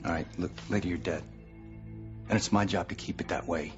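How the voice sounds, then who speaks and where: An actor playing a gruff federal drug agent who talks bluntly and dismissively. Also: male voice, deep voice, fairly even intonation, brisk, lightly acted. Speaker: soap opera character. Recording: dull TV audio under music.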